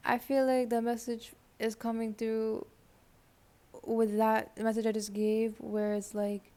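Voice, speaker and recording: A young woman giving a casual tarot reading, chatty and rambling, full of likes and you-knows, sometimes dropping to a soft near-whisper. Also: on the high side, flat delivery, measured pace. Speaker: tarot reader.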